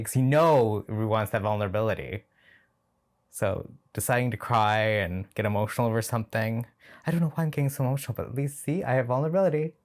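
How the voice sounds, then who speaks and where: A man's voice: medium pitch, lively intonation, a little fast. A man hosting a reaction video, talking casually and sardonically and laughing often.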